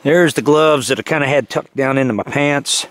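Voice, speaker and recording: A man's voice: medium pitch, moderate pace, a bit bright. A man chatting cheerfully to the camera while camping in snowy woods. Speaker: outdoor vlogger. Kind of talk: casual narration to camera. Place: snowy woods campsite outdoors.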